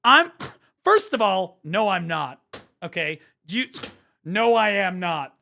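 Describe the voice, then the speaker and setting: An American man streaming a game, telling stories in an animated, swearing comedic rant. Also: high-pitched, slow, vocal fry, a little hiss or hum. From United States.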